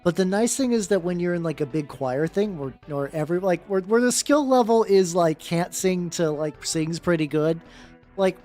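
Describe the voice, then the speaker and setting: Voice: mid-range voice, normal speed, warm tone. A streamer chatting live on a game stream, rambling through stories and greeting viewers by name. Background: faint background music.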